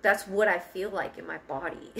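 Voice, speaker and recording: A woman's voice: medium pitch, steady tone, moderate pace, creaky. A young woman telling a personal story in a casual car vlog, candid, laughing often and swearing freely. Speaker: vlogger. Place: parked car.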